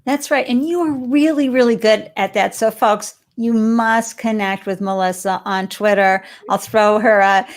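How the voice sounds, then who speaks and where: A woman's voice: medium pitch, steady tone, unhurried, few pauses. A woman from Boston hosting a live-stream interview show, bubbly and effusive as she welcomes viewers and her guest. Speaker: host.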